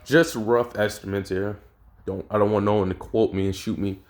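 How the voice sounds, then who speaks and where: A man's voice: lowish voice, fairly even intonation, normal speed. A young man casually narrating a fan-made cartoon story, laid-back and slangy, swearing and trailing off with ums.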